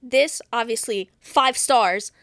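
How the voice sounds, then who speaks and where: A woman hosting a podcast, retelling a movie's plot in casual, profane, deadpan chat. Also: fairly high pitch, takes it slowly, dry recording. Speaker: podcast host.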